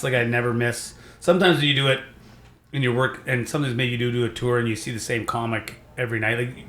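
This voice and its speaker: A man's voice: mid-range voice, pushed and bright, roomy sound, a little hiss or hum. A young adult man from Saskatchewan, Canada, a stand-up comedian telling rambling stories in casual podcast chat. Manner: rambling storytelling, does quick voices.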